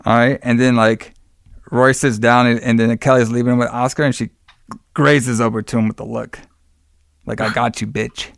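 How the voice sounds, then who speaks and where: A young man chats casually on a podcast, recapping a film scene by scene and slipping into the characters' voices as he goes. His voice sounds smooth and clear. The room sounds dry and close. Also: mid-range voice, moderate pace, dry recording. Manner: animated storytelling, acts out characters' lines. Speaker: podcast co-host recapping a movie. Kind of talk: casual chat.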